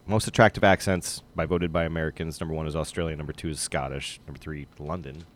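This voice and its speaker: A man's voice: very deep voice, fast talker, slight background noise. A man co-hosting a casual podcast chat, reading out a list in an offhand way. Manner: reads out a list in a flat, offhand way. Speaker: podcast co-host.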